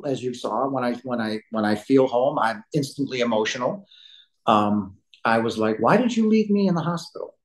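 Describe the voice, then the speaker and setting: A man's voice: medium pitch, low-quality recording. A man, a podcast guest, telling his story in an emphatic and blunt conversational way, rambling with frequent restarts. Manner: rambling with many restarts and fillers.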